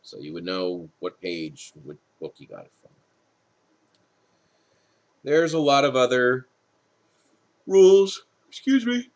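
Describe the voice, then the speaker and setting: Male writing teacher, low voice with a lively lilt, late-night recorded lecture, reads from the textbook and adds casual asides. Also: unhurried, long pauses. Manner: explanatory, with casual asides and restarts. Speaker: writing instructor.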